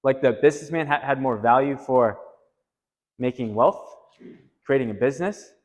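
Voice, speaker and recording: Retreat leader, male, mid-pitched, tells stories in an animated way with lively quoted voices, recorded with a long hall echo. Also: moderate pace. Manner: animated, rising pitch when quoting. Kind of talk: storytelling to a group. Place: retreat meeting room.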